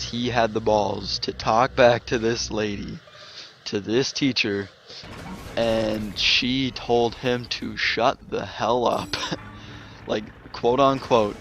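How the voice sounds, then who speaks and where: A man's voice: medium pitch, fairly even intonation, takes it slowly, fairly bright tone, a little hiss or hum. A man telling a casual storytime vlog, rambling with many fillers and restarts. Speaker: gaming vlogger.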